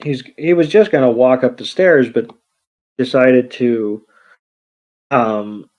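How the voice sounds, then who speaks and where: A man co-hosting a podcast, recapping a film in unhurried, halting, casual narration. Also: mid-range voice, lively intonation, darkish tone. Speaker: podcast co-host. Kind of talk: casual movie recap chat. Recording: dull lo-fi podcast audio.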